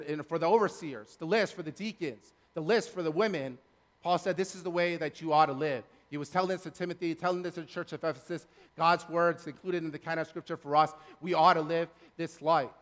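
A man's voice: a little high, fairly quick, fairly bright tone. Preaching man in an echoing church. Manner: earnest, building emphasis with repeated phrases. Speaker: pastor. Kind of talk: sermon. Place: church sanctuary.

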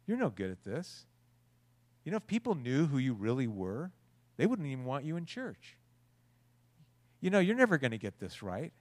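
A man's voice: mid-range voice, big pitch swings, moderate pace, long pauses, darkish tone, lightly acted. A male preacher voicing a sneering male devil who whispers mocking taunts. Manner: mocking, contemptuous.

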